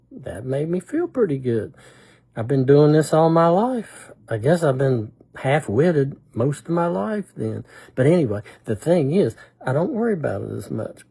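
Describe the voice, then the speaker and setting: A man's voice: on the high side, animated, a little slow, creaky, dark tone, breathy edge. An older man telling rambling, self-deprecating stories in a casual, folksy way. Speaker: humor vlogger. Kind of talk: casual storytelling monologue.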